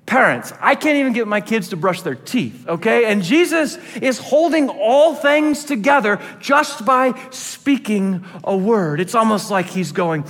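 A man with a notably high voice preaches a sermon. He swings between emphatic, raised delivery and drops to a hushed near-murmur. The sound rings with a long hall reverb, as in a church sanctuary. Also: lively intonation, unhurried. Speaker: pastor.

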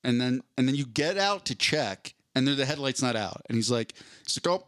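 A man's voice: medium pitch, expressive, moderate pace, hardly any pauses, a bit bright, no room sound, studio quality. A man co-hosting a casual podcast chat, telling a rambling story and acting out the people in it. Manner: rambling storyteller, acts out cop and dispatcher voices. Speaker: podcast co-host.

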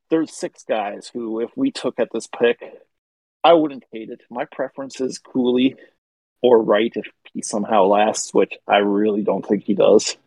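An eager man co-hosting a casual podcast, gushing with excitement. His voice is a bit husky and mid-pitched, recorded dry and close with no room sound. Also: no room sound, rough recording. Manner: enthusiastic, gushing about prospects. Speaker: podcast co-host. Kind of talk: casual hockey podcast chat.

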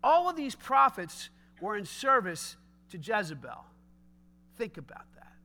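Guy preaching, super animated storyteller, really high bright voice. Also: unhurried. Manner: animated storytelling, casual asides. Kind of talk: sermon.

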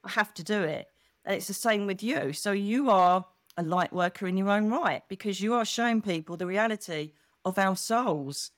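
Animated middle-aged woman, dry close mic. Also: mid-range voice, moderate pace, no echo. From England. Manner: animated, expressive storyteller who acts out quotes. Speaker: guest. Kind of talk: casual chat.

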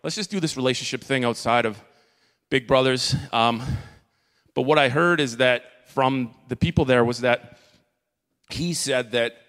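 A man giving an earnest church testimony from the stage, halting and full of fillers and restarts. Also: mid-range voice, a bit bright. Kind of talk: emotional spoken testimony. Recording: long reverb of a large hall.

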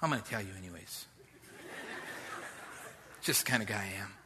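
A man's voice: lowish voice, moderate pace, noisy background. A middle-aged man preaching a sermon as pastor, direct and conversational, with street slang.

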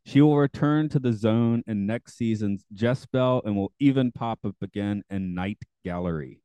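A man's voice: mid-range voice, mellow, clear, resonant tone, no echo. A man hosting a podcast, reading show notes and chatting casually in a rambling, hedging way. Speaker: podcast host.

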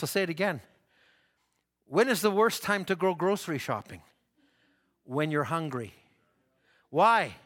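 Preacher, male, bright forceful tone, folksy pulpit delivery in a reverberant sanctuary. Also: high voice. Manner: folksy, repeats himself, laughs at own stories. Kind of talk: sermon.

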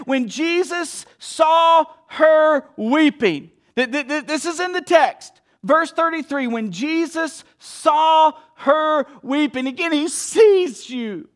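A man preaching a sermon with a strikingly high voice. He speaks slowly and deliberately, swinging between hushed passages and emphatic pushes. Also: expressive. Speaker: pastor.

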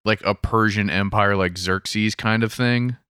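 Smooth-voiced hedging young man. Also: fairly low pitch, fairly even intonation, pushed and bright, no room sound, studio quality. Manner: thoughtful, hedging, slow and drawn out. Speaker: podcast co-host. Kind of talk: casual chat.

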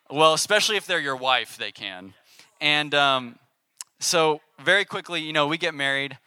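A young man giving a casual, animated sermon to a youth group, with call-and-response. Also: medium pitch, clean tone, dry recording. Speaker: youth pastor.

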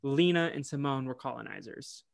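A man's voice: mid-range voice, expressive, normal speed, gravelly, a little hiss or hum. A man co-hosting a casual podcast, recapping a cartoon film in a chatty, joking way with lots of questions. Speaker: podcast co-host.

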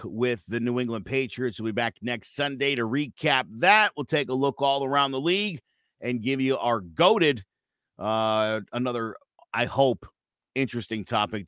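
A man co-hosting a casual sports podcast, animated and jokey. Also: medium pitch, clean tone, no echo, studio quality. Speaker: podcast co-host.

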